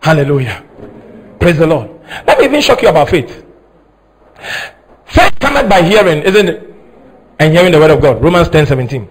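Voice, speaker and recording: Husky preacher man with a lively, swinging voice. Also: rough recording. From Ghana. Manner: dramatic, swings from soft slow teaching to high shouted emphasis. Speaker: prophet preaching. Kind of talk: sermon.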